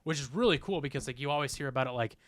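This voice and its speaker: A man's voice: mid-range voice, rapid-fire, fairly bright tone, no echo. A young man co-hosting a podcast, talking casually and rambling with a lot of filler words. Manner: rambling, heavy use of "like". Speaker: podcast co-host. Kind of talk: casual chat.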